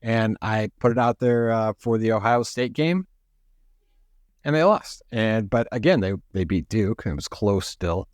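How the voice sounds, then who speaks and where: A man's voice: on the low side, a little slow, dry recording, studio quality. A middle-aged man co-hosting a casual sports podcast over a remote call, telling rambling stories that keep interrupting themselves. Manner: rambling, self-interrupting storyteller. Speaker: podcast co-host.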